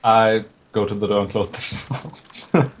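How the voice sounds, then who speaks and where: A man's voice: fairly low pitch, unhurried, slight background noise. A man playing a tabletop game who hesitates, repeats himself and chuckles often. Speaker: player. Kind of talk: casual tabletop game chat.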